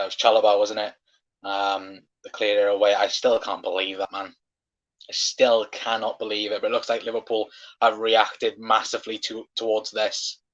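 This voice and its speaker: A man's voice: medium pitch, fairly bright tone. A man hosting a live football watchalong, passionately ranting and swearing at referee decisions, on a dull lo-fi stream mic. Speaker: fan watchalong host.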